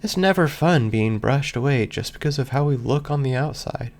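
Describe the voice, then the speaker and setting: A man voicing a cheerful, gentle pony mare who talks in a soft, earnest, lilting way. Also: mid-range voice, animated, moderate pace, natural voice. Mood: gentle coaxing.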